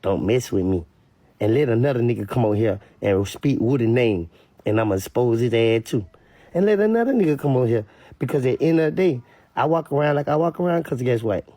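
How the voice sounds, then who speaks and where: Louisiana man, blunt emphatic commentator, husky and gravelly, dry close sound. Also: mid-range voice, expressive, a little fast, mellow, no room sound. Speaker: online commentator. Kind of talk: casual commentary rant.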